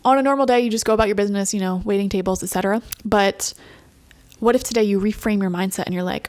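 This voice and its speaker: A young woman giving a casual pick-a-card tarot reading, chatty and animated, laughing often. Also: mid-range voice, fast talker. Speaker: tarot reader.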